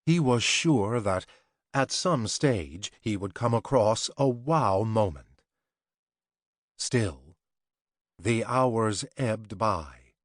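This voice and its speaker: A man reading an audiobook in steady, measured scripted narration, close to a studio mic. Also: on the low side, dry recording.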